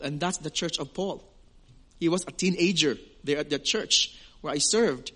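A man's voice: a little high, normal speed, fairly bright tone. A man with a Filipino accent, a pastor preaching an earnest sermon who often repeats words while he searches for his phrasing. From Western Visayas, Philippines.

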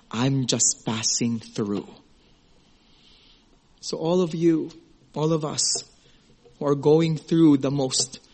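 A middle-aged man preaching a sermon in an earnest, emotional way, at times hushed and at times high and excited. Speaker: pastor.

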